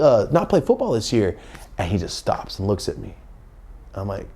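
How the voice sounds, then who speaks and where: Animated young man telling a story. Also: mid-range voice, fast. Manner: animated, swings between loud bursts and muttered asides. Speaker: comedic storyteller. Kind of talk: casual story time to camera.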